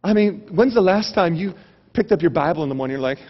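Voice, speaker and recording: A man preaching a sermon as pastor, telling a long humorous story in an animated way. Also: sits high, quick pace. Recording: dull recording with long hall reverb.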